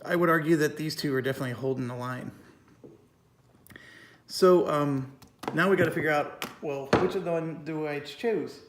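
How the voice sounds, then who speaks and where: Man in a slightly higher register, talking through a solo board game and reading rules aloud, with a slight cough. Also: normal speed, pauses often, background noise.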